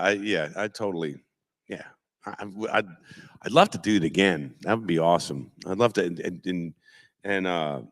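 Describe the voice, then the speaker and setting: Animated man telling stories on a panel. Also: sits low. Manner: animated storyteller, slips into impressions. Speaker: voice actor guest. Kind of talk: live convention panel Q&A. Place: convention auditorium stage.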